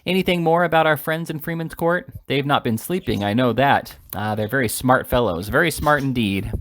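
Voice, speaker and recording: Man voicing a fussy little lawyer dude, chatty and knowing, bustling about, middle pitch. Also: moderate pace, fairly bright tone, slight background noise, close to an everyday voice. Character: fussy little male lawyer, fond of snuff.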